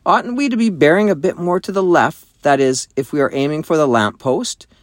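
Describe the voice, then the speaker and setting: In a storybook reading, a man voices a sulky, spiteful, sly younger schoolboy, pitching his natural voice above his own. The pitch is fairly high and the pace moderate, recorded at studio quality with no echo.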